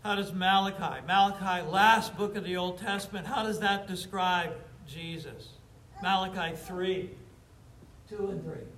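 A man preaching a sermon to his congregation, emphatic, with slow drawn-out stresses and casual asides to the room. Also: high voice, a bit bright. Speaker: pastor. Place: church sanctuary before a congregation. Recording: roomy echoey church sound.

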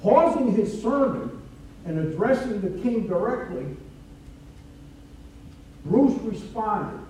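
A man preaching a sermon in a church, slow and deliberate, rising in force for emphasis. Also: high-pitched, animated, dark tone. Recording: echoey room from a distance.

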